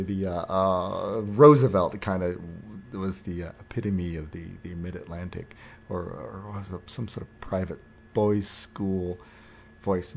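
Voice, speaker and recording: A man's voice: low voice, darkish tone, husky. A man hosting a podcast in casual chat, rambling and joking with many restarts. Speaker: podcast host. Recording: dull lo-fi recording.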